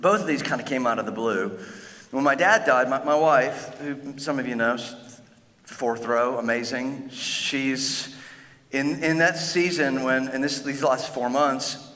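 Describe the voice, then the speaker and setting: Middle-aged male pastor, earnest, halting delivery, bright forceful tone, long church-hall reverb. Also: medium pitch. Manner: earnest, halting, with frequent restarts. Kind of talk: sermon.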